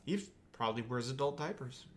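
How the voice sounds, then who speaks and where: A man's voice: medium pitch, animated, quick pace, a little hiss or hum. A man co-hosting a podcast, cracking crude jokes and firing off rhetorical questions in casual banter. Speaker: podcast co-host.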